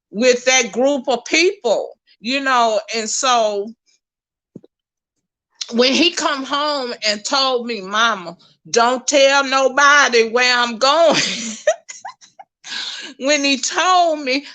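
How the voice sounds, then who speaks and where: A middle-aged woman, chatting with viewers on a livestream in a folksy, animated way. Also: on the high side. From Texas, USA. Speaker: livestream host. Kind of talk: casual chat with viewers.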